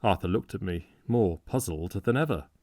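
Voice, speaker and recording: A male audiobook narrator with a low voice, reading a classic novel aloud. His delivery is measured and steady, and the sound is close and dry with no room around it. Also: no room sound. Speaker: audiobook reader.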